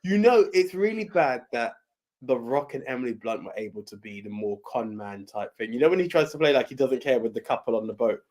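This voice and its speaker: A man, co-hosting a podcast and rambling about a film with halting restarts. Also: medium pitch, lively intonation, darkish tone. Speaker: podcast co-host. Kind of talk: casual chat, film review.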